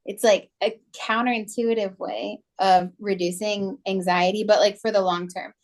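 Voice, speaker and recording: A woman's voice: mid-range voice, fairly even intonation, normal speed. A woman co-hosting a podcast, talking casually with many fillers. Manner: chatty, many "like" and "you know" fillers. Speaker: podcast co-host.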